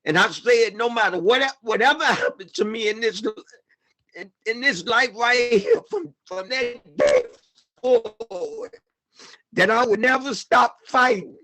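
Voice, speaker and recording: A man's voice: extremely high pitch, big pitch swings, unhurried, sharp tone. A man giving an impassioned personal testimony at a panel, repeating himself and often saying "man". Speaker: panel speaker.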